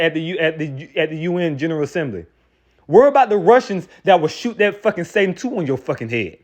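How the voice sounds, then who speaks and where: A man preaching in a heated, profane rant, often repeating and restarting words. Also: on the high side. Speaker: street preacher. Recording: dull lo-fi recording.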